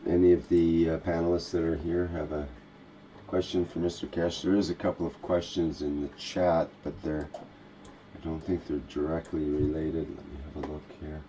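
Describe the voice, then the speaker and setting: A man's voice: rumbling low, level tone, normal speed, mellow, slight background noise. A man hosting an online meeting, thanking the speaker and inviting questions, with hesitant fillers. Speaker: host moderating an online meeting. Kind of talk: meeting moderation.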